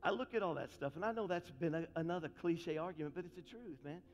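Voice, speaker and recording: High-voiced preacher in a reverberant church. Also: male voice, expressive, fast. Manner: impassioned, building to fiery calls. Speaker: pastor. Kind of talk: sermon. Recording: long reverb with faint music.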